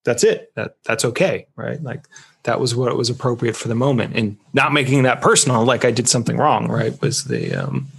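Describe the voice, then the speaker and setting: A man's voice: medium pitch, big pitch swings, normal speed, vocal fry, fairly bright tone, breathy edge. A man talking earnestly and reflectively in a casual podcast conversation. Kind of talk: casual conversation about intimacy.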